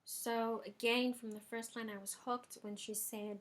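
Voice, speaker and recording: Slow-talking chatty young woman vlogger. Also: fairly high pitch, little pitch movement. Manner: chatty, lots of filler ums. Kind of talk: casual music review vlog. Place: bedroom at home.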